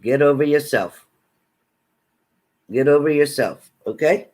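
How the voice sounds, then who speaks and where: A man's voice: fairly high pitch, a little slow, darkish tone. Blunt, foul-mouthed man reading zodiac messages. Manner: profane, repetitive, bossy tough-love commands. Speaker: psychic card reader.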